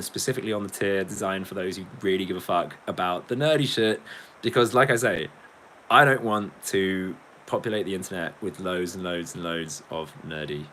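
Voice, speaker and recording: A man's voice: deep voice, pushed and bright, a little hiss or hum. A man chatting casually on a livestream, reading chat comments, rambling, swearing and laughing often.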